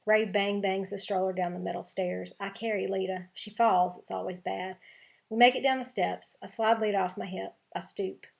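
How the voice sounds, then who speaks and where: Woman teacher, read-aloud of a middle-grade novel, gravelly, expressive. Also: medium pitch, moderate pace. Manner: expressive, lively voicing of dialogue. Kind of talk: reading a chapter book aloud.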